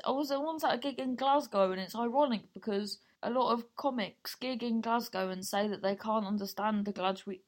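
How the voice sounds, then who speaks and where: Rambling, chatty woman comedian. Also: medium pitch. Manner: rambling, chatty, swears freely, lots of fillers and asides. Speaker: stand-up comedian. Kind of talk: casual storytelling chat.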